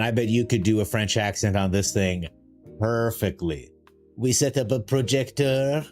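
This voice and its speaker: A man chatting casually on a live stream while playing a card game, rambling and self-mocking, greeting viewers in a high sing-song voice. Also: moderate pace, a little mellow. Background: faint music.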